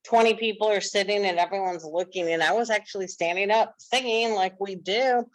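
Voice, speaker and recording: A woman's voice: mid-range voice, a little fast, dry recording, low-quality recording. A woman telling stories in a casual, earnest podcast chat. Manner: earnest, animated storytelling.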